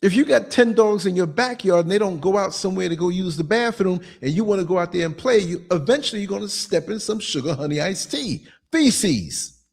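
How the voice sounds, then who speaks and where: A man in his sixties hosts a podcast, delivering a casual monologue of blunt, streetwise stories and acting out the quotes as he tells them. His voice is high-pitched and a little mellow, with lively intonation, vocal fry, and a fairly quick pace.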